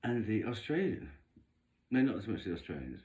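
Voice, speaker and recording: A tarot-reading vlogger speaks in a sing-song manner, his voice on the low side and a little mellow, at a moderate pace. He rambles through a casual, gossipy monologue while drawing cards, adding camp, theatrical asides.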